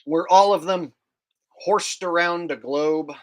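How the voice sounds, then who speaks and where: A man's voice: a little high, slow. A man hosting a casual livestream, joking and rambling while reading chat aloud. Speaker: livestream host.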